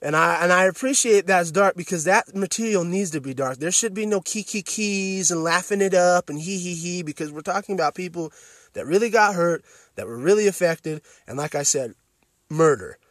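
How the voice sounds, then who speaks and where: A man's voice: sits high, normal speed, a bit bright, no room sound, studio quality. A man hosting a podcast, giving a blunt film review full of profanity and emphatic restarts. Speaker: podcast host reviewing films.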